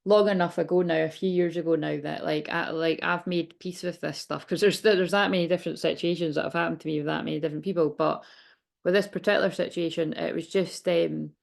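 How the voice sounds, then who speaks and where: A woman's voice: fairly low pitch, fairly even intonation, brisk, gravelly. A woman in her late thirties doing a chatty, rambling tarot reading vlog, hiccuping and a bit out of breath. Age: 30s. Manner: rambling, chatty, many restarts. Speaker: tarot reader.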